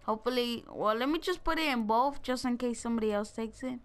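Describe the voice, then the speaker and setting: Excitable young woman gaming. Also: a little high, fast. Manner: excitable, joking, talks straight to viewers. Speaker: gaming video creator. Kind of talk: casual gameplay commentary.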